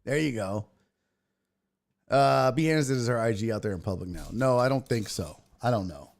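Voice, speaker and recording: Animated, crude-joking male podcast host. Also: medium pitch, normal speed, creaky. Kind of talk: casual livestream chat reading viewer comments.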